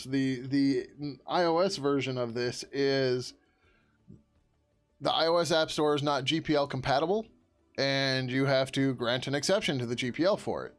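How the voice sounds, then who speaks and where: A man chatting casually on a live stream while he works on code, reading out and answering chat questions and laughing often. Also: medium pitch. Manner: drops into a loud joking whisper. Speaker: open-source developer streaming.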